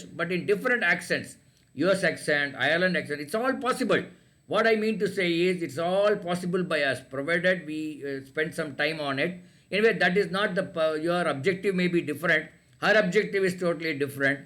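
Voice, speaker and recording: A man's voice: fairly high pitch, fairly bright tone. A middle-aged man with an Indian English accent teaching an online class, talking in a hesitant way with many fillers and restarts.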